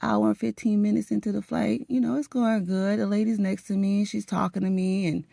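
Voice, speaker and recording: A woman vlogger chatting casually as she gets ready for work at home, telling a story in an animated, dramatic way with laughs. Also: medium pitch, brisk, gravelly, no echo.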